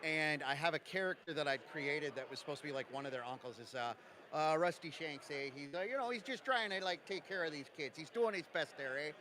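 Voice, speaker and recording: A man from Jersey City, a game designer, joking quickly through a casual convention interview. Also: on the high side, bright, forceful tone. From Jersey City, USA. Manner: jokey, quick, self-mocking. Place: convention lounge.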